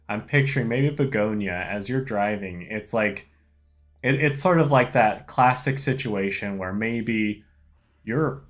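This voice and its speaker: A man narrating a tabletop game as its game master, in a relaxed, unhurried way. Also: lowish voice.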